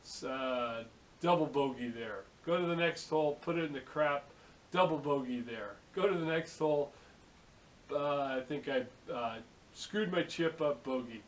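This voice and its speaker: A man's voice: a little high, normal speed, a little hiss or hum, low-quality recording. Chatty man rambling from his car. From San Francisco Bay Area, USA. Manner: chatty, swearing, storytelling with quoted dialogue. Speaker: vlogger. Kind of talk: casual rambling monologue.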